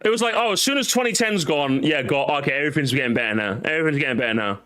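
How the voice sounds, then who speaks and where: A man's voice: on the high side, expressive, very fast, a bit bright. A man in his thirties casually chatting and bantering with a friend on a live stream, teasing and swearing now and then.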